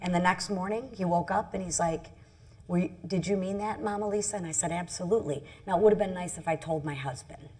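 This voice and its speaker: A middle-aged woman, a congresswoman, telling a personal story on a panel in an earnest, halting way with many restarts. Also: on the low side, mellow, slightly rough. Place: event stage.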